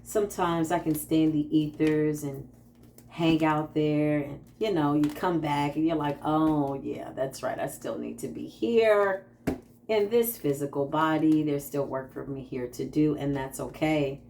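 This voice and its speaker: Animated woman spiritual talker. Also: low-pitched, unhurried, creaky, slight background noise. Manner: animated, laughing, quotes herself in playful asides. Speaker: spiritual practitioner and channeler. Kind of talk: casual spiritual talk to viewers.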